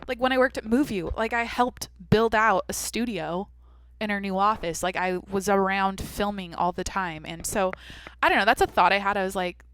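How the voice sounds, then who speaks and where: Young woman, podcast host, smooth clear voice, dry close sound, rambling casual chat. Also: medium pitch, normal speed, fairly bright tone, no echo. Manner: rambling, candid, swears casually. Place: small home studio. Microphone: studio microphone.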